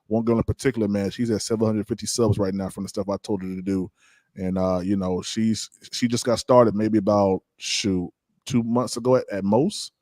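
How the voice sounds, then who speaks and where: A man hosting a podcast, talking casually and a little haltingly, repeating words as he goes. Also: on the low side, dry recording, studio quality. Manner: relaxed, repeats words, laughs easily. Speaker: podcast host. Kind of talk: casual live-stream chat.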